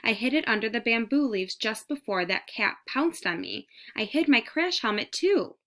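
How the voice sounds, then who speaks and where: A woman voicing a small, eager male mouse who pleads in a high, excited voice. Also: normal speed.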